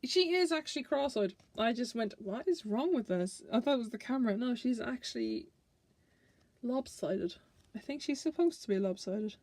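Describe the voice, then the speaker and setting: A woman's voice: a little high, sing-song, moderate pace, a little mellow, no room sound. A woman tarot reader chatting casually through a card deck, playful and giggly.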